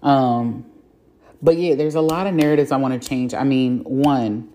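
A woman with a strikingly low, dark, mellow voice, hosting her own podcast alone. She thinks out loud in a candid, reflective way, swearing casually and filling pauses with ums and likes. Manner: frank, reflective, with casual swearing and many fillers. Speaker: podcast host. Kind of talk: candid solo podcast monologue.

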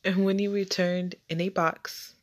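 A young woman telling a personal childhood story, halting with repeats and restarts. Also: medium pitch, level tone.

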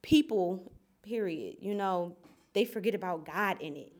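A woman's voice: on the low side, a little slow, darkish tone. A woman sharing a personal story in a small group, reflective, in short phrases with fillers. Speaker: group participant. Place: small indoor group setting.

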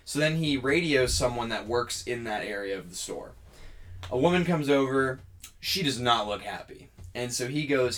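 A man's voice: mid-range voice, moderate pace. A man co-hosting a podcast, casually telling a long story and acting out the other people's lines. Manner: animated storyteller acting out dialogue. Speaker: podcast co-host.

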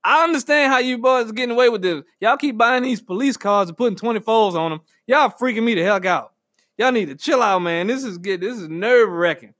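A man's voice: high voice, brisk, no echo, clean studio sound. A man hosting a podcast with a casual comedic monologue, full of slang, and acted-out quotes. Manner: animated, slangy, acts out quotes with laughter. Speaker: podcast host.

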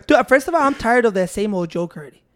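A man's voice: extremely high pitch, animated, fast talker. A man, ranting among friends and acting out both sides of his stories. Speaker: friend in group chat. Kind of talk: casual profane banter.

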